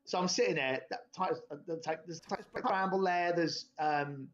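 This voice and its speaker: A young man spins a long, rambling story to a mate. His voice sits a little high, and he swears casually. The podcast audio is dull and lo-fi. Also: moderate pace, a bit bright. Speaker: podcast host.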